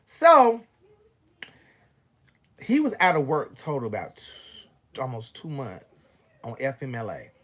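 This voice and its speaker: Man, casual storytelling, animated and profane, wide swings in pitch, husky voice. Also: takes it slowly, pauses often. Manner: animated, profane, acts out both sides of an argument. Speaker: vlogger telling a personal story.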